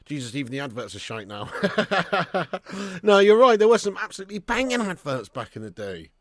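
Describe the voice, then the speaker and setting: A man's voice: a little high, big pitch swings, moderate pace, fairly bright tone, dry recording, studio quality. A man hosting a live watch-along stream, chatting casually with viewers, reading out their comments, swearing and laughing often.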